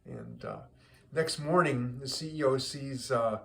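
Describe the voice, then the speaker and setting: Brief: easygoing male joke teller, halting and chatty, medium voice. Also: mid-range voice, vocal fry. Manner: halting, repeats words, relaxed. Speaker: joke teller, show host. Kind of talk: casual joke telling.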